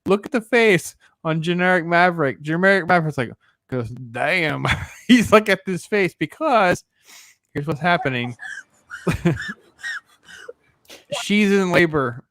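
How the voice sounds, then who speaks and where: A man's voice: high voice, expressive, unhurried, long pauses, fairly bright tone, no room sound, studio quality. A man hosting a casual movie review chat, laughing and incredulous. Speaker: podcast host.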